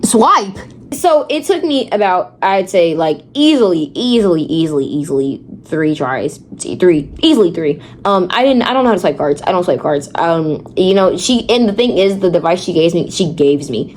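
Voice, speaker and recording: A teenage girl telling a story on her vlog, dramatic and animated, repeating words for effect. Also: fairly low pitch, moderate pace, few pauses, a little hiss or hum. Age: teens. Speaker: vlogger. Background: background music.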